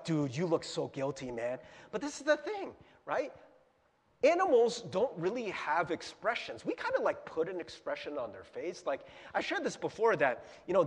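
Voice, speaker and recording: A pastor leads a chatty, casual sermon in a church hall with a projector, quizzing his small audience and laughing a lot. He has a slightly high, husky voice, with a long reverb tail trailing behind.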